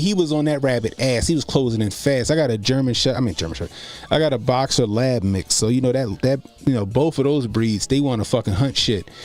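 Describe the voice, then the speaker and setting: A man's voice: mid-range voice, darkish tone. Laid-back profane man riffing live. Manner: loose, profane, laughing storytelling; reads and answers chat comments. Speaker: streamer host. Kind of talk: casual live-stream commentary.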